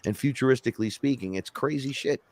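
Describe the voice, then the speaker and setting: A rapper co-hosting a podcast, telling rambling, animated stories in casual chat and quoting himself along the way. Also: male voice, mid-range voice, fast, no room sound. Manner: rambling, animated storytelling with self-quotes.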